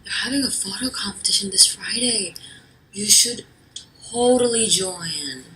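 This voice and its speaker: A woman's voice: mid-range voice, animated, a little slow, slight background noise. A woman doing an eager, pushy teen friend. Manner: eager, breathy whispers and bright outbursts. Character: pushy, excitable teenage girl best friend.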